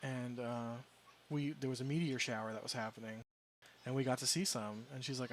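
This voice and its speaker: A man's voice: medium pitch, fairly even intonation, fairly quick, a little hiss or hum. A man casually chatting as a game streamer, rambling through a story with restarts and amused asides. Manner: rambling, self-correcting, amused.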